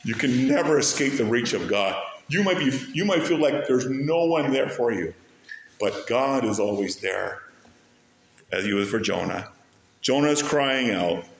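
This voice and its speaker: A man's voice: mid-range voice, unhurried. Man preaching in an echoey sanctuary. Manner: animated preaching, rising emphasis on key words. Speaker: pastor. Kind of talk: sermon.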